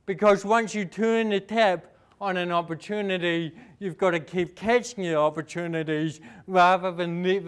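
Fast-talking New Zealand motivational speaker man. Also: sits high, clean tone. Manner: fast-talking, energetic, rhetorical questions. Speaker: inspirational speaker. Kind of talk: motivational speech.

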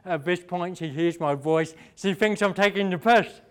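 A young man from New Zealand with a New Zealand accent, giving an energetic, fast-talking inspirational speech full of rhetorical questions. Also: high voice, clear, resonant tone. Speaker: inspirational speaker. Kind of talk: motivational speech.

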